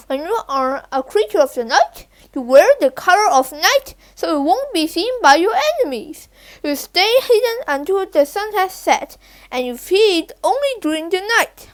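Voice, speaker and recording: Theatrical teacher lady in a bat costume, spooky and grand, loud and high, woman reading. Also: big pitch swings, normal speed. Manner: dramatic, spooky, welcoming.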